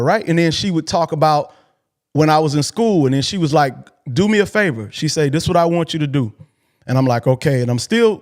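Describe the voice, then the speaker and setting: Emotional Texan man, higher voice. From Texas. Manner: earnest, colloquial, repeats himself. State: emotional, near tears. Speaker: host. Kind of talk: personal storytelling on a call-in show.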